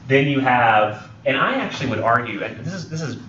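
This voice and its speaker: A man's voice: mid-range voice, expressive, brisk, a crowd in the background. A young man with a drawl lectures a college class, wandering off on tangents and correcting himself as he goes. His mid-range voice carries across a roomy classroom, picked up from a distance. The recording sounds dull and lo-fi. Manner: rambling, joking, many ums and self-corrections. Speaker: college English instructor.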